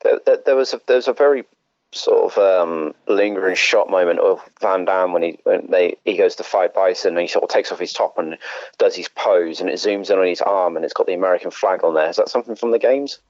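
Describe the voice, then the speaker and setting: Low-voiced exasperated podcast host, lo-fi. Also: male voice, brisk, darkish tone, no echo. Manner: exasperated, swearing, laughs often. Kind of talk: casual chat.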